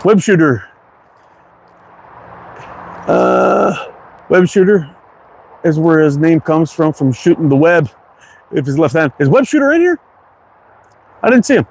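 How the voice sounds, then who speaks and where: A man in his fifties from Quebec speaks English with a slight French-Canadian tinge. His voice sits a little high for a man. He chats casually with viewers on a livestream, reading their comments and often doubling up his words. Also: lively intonation, unhurried, creaky, long pauses, a little hiss or hum. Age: 50s. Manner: friendly, repeats words, reads chat aloud. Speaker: livestream host.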